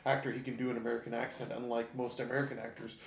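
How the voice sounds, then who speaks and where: Gravelly rambling man, echoey room. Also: mid-range voice, little pitch movement, rapid-fire, slight background noise. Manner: rambling, lots of fillers, chuckling. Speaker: podcast co-host. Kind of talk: casual chat.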